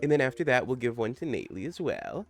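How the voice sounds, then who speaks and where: A man hosts a relaxed live game stream in an upbeat, playful way. His voice sits at an ordinary pitch, and soft game music hums faintly behind him. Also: quick pace. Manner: upbeat, playful, reads game text aloud. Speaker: streamer host. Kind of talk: casual live-stream chat while gaming.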